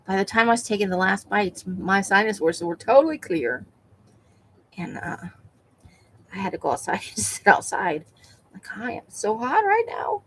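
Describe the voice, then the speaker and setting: A woman's voice: medium pitch, animated, normal speed, long pauses, a bit bright, a little hiss or hum, poor audio. A woman hosting a crafting livestream, chatting casually with viewers while she works and laughing often. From Nevada.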